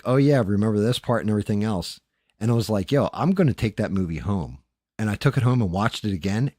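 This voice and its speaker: A man's voice: on the low side, darkish tone, dry recording, clean studio sound. A man hosting a late-night livestream, chatting loosely with frequent swearing and thanking viewers by name. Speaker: livestream host.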